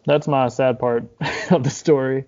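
A man's voice: medium pitch, fairly even intonation, unhurried, a little mellow, lo-fi sound. A young man on a podcast, talking in a loose, rambling way with lots of filler and swearing, sounding grief-stricken and close to tears. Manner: rambling, heavy use of filler "like", frequent swearing. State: grieving, holding back tears. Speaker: podcast host, wrestler. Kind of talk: casual podcast talk.

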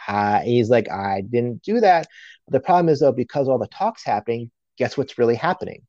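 A man's voice: mid-range voice, expressive, fairly quick, dark tone. A man casually telling a long workplace story as a guest, peppering it with "you know". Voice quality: frequent "you know" fillers. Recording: dull lo-fi sound.

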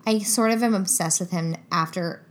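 A woman's voice: lowish voice, moderate pace. A young woman co-hosting a podcast in casual chat, giggly and chatty, often trailing off mid-sentence. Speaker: podcast co-host.

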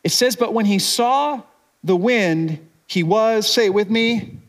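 A man's voice: sits high, takes it slowly. Casual, conversational man preaching a sermon. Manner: casual, conversational preaching with many "like"s, acting out the disciples' thoughts. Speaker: pastor.

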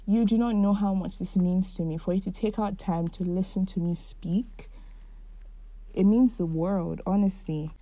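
Speaking at a moderate pace in a mid-range voice with no room sound, a woman in her twenties opens up about her feelings on her own podcast. It's a warm, heartfelt solo chat sprinkled with "like."

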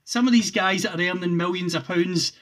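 A man hosting an interview, talking in an emphatic, animated way. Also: high voice, fairly quick. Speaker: interviewer host. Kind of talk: casual interview chat.

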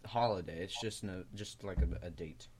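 A man on a casual group podcast call, telling stories in a lively way and laughing often. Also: deep voice, normal speed. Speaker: podcast co-host.

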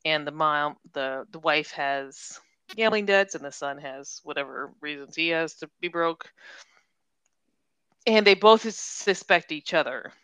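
Young woman chatting about a mystery novel, kinda low voice, super dry mic. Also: a little slow, fairly bright tone, smooth, dry recording. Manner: chatty, retells scenes with quoted voices, giggles. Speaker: podcast co-host. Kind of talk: casual book discussion.

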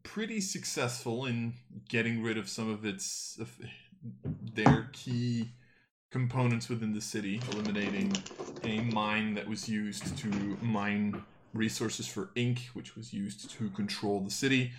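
A man's voice: lowish voice, a little slow, noisy background. A man hosting a weekly tabletop game stream as game master, laughing often and swearing casually between bits of narration.

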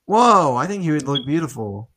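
A young man co-hosting a podcast, telling stories in a loose, animated way and swearing often. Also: a little high, normal speed. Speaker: podcast co-host. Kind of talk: casual chat.

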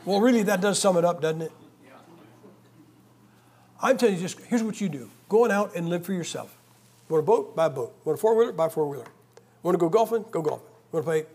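A man's voice: a little high, expressive, fast, a little mellow. A man preaching a sermon in a church, conversational and emphatic, with joking asides. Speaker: guest preacher.

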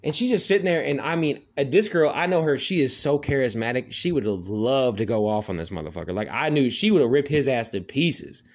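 A man's voice: medium pitch, lively intonation, a little fast, hardly any pauses. A man talking on his own in a loose, profane rant. He circles back on himself, piles up "like" and "you know," and sounds candid and unpolished throughout. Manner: profane, rambling, heavy "like" fillers. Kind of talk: casual ranting monologue.

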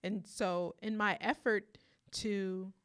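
A woman's voice: mid-range voice, steady tone, takes it slowly, a bit bright. A middle-aged woman in a casual, reflective conversation, thinking aloud and often saying "like". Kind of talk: casual chat.

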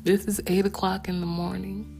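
A woman telling a personal family story in a slow, subdued and reflective way. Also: medium pitch, level tone, vocal fry. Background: soft acoustic guitar music.

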